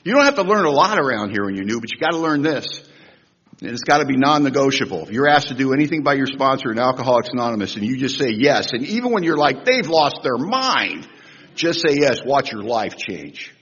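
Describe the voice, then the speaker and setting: Husky older man telling stories in echoey hall. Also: fast talker. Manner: humorous, animated storytelling with big swings in pitch and loudness. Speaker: recovery meeting speaker. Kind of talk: storytelling talk at a recovery convention. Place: large convention hall. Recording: echoey hall, dull lo-fi sound.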